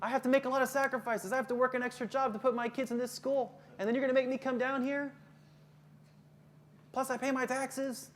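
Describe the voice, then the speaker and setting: A man voicing an angry, overworked parent who complains loudly and sarcastically. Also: little pitch movement, a little fast, slight background noise. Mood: aggrieved. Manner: loud, shrill, sarcastic complaining.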